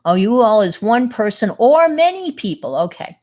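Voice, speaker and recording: A woman's voice: fairly high pitch, very animated, moderate pace, darkish tone. A middle-aged woman with a New York accent, chatting casually with viewers on her livestream, rambling with lots of fillers and restarts. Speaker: livestream host.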